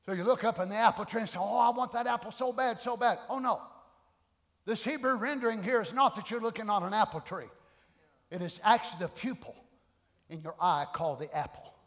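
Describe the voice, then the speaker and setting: A middle-aged man preaching a sermon, shouting fervent declarations between folksy asides. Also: high voice, brisk. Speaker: pastor. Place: church sanctuary. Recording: long church hall reverb.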